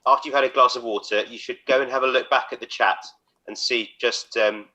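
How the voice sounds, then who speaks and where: A man's voice: mid-range voice, steady tone, a little fast, pushed and bright. A man, a consultant, chairing an online event and introducing speakers with thanks over a video call. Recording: muffled lo-fi video call audio.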